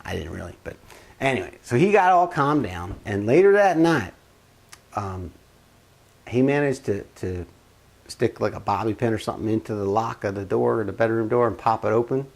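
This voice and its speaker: A man's voice: lowish voice, moderate pace, creaky. A man telling a personal family story in a casual, rambling way, acting out the quotes as he goes. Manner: animated, rambling, acts out quotes.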